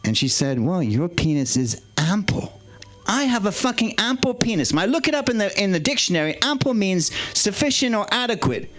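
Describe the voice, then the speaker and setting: A man's voice: sits high, sing-song, quick pace, few pauses, fairly bright tone, soft background music. A man performing a brash, bawdy stand-up set on a comedy club stage, mocking himself.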